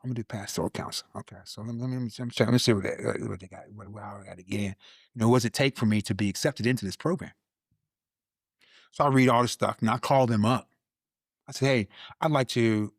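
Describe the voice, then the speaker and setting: A man telling a personal faith testimony in a casual conversation, animated, repeating words, and acting out his own past lines. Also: on the low side, no echo, studio quality. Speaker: guest, Army veteran.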